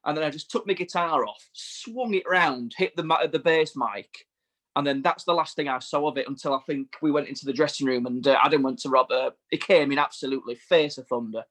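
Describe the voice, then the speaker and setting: A man, a touring bass player, telling rambling tour anecdotes in casual chat. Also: fairly quick, fairly bright tone. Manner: rambling storyteller, laughs through anecdotes.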